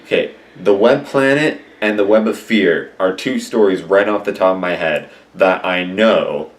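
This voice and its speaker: A man's voice: low-pitched, unhurried. A man chatting casually at home as he reviews an old TV story, rambling and full of restarts. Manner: swaps swear words for mild substitutes. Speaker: classic TV reviewer. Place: at home, indoors.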